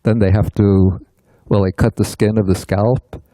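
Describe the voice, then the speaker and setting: An older man teaching a Buddhist text in a relaxed, storytelling way, often laughing as he talks. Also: on the low side, measured pace, no room sound, low-quality recording. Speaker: teacher leading a sutta study class. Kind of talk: casual teaching talk.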